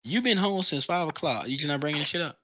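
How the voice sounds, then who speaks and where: A man in casual, slangy podcast chat who talks forcefully and cuts in on the others. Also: fairly high pitch, expressive, fast talker, slight background noise. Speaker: podcast co-host. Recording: dull lo-fi sound.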